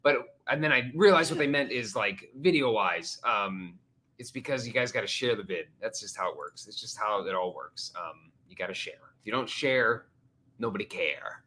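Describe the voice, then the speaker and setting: Male live-stream host, bright and lively, jokey, casual. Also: lowish voice, moderate pace. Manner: jokey, animated, slips into silly voices. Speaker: livestream host.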